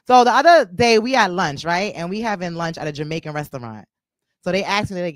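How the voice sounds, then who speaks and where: A woman's voice: fairly low pitch, expressive, fast, no echo. A woman doing a stand-up comedy set on a club stage, crude and loose, teasing the crowd, with a New York accent.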